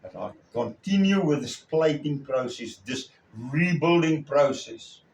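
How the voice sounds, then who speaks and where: A man preaching a sermon as a story, with a slow, halting delivery and many pauses. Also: mid-range voice, animated, vocal fry, darkish tone. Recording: echoey room, far from the mic.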